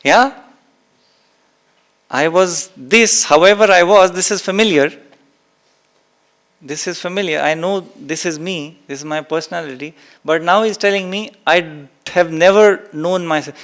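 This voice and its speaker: This man's voice sits high and a bit bright, moving at a moderate pace. He's a spiritual teacher addressing a live and online audience, speaking with emphasis, returning to key phrases, and performing exclamations aloud.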